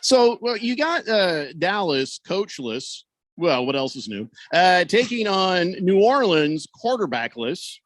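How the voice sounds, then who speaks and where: A man's voice: high voice, big pitch swings, slow, fairly bright tone, no echo. A man hosting sports talk radio in a studio, joking around and reading out listener comments. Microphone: studio microphone.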